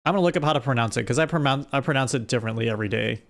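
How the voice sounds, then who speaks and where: A young man streaming live, chatting casually with his viewers while gaming, animated and rambling with restarts. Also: medium pitch, rapid-fire. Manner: animated, talks straight to chat, rambling with restarts.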